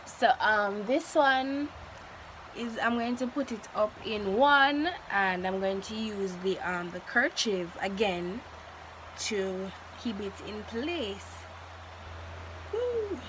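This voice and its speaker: A young woman vlogger chats playfully through a hair tutorial, joking and laughing often. Her mid-range voice is slow, and there's background noise.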